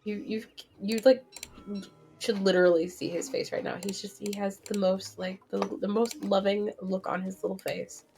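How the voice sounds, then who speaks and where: A woman's voice: mid-range voice, flat delivery, normal speed, vocal fry, darkish tone. A woman streamer chatting casually while she plays a game, rambling with many restarts and fillers. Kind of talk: casual gameplay chat.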